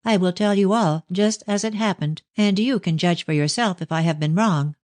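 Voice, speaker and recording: A man's voice: high voice, moderate pace, darkish tone, no room sound, voice pushed up, lightly acted. A man voicing an anxious young Victorian daughter who pleads earnestly with her father in an audiobook. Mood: indignant. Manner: pleading, raised and earnest delivery. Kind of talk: audiobook reading of a novel.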